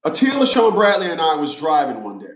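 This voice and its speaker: A man's voice: a little high, huge pitch swings, fast. A man talking straight to his viewers in a casual monologue, emphatic and repetitive, like a preacher. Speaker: vlogger. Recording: roomy echo.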